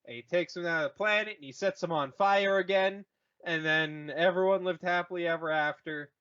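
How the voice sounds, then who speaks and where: A high, bright-voiced man rambles through a comic recap, stumbling over his words and tossing in goofy voices. The audio is a little dull and muffled. He sounds loose and playful, like he is hanging out with friends. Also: clear, resonant tone. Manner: rambling, jokey, puts on quick silly voices. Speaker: podcast host retelling a movie. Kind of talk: casual comedic recap.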